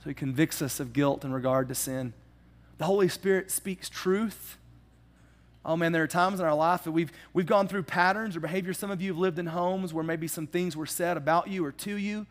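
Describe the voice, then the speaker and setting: A man preaching a sermon in a casual, animated storytelling way, with humorous asides. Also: fairly high pitch, normal speed. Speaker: pastor.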